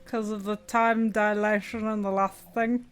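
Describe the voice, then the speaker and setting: A woman's voice: mid-range voice, little pitch movement, measured pace, clean tone, faint music behind. A woman playing in a tabletop game, playful and giggly, speaking in character. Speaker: player. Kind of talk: casual tabletop play.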